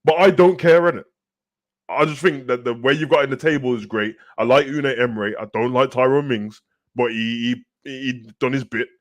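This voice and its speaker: A man with a Birmingham accent, co-hosting a casual football chat and talking in an animated, slang-heavy way. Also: mid-range voice, moderate pace. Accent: Birmingham English. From Birmingham, England. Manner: animated, slangy, repeats "bruv". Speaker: co-host.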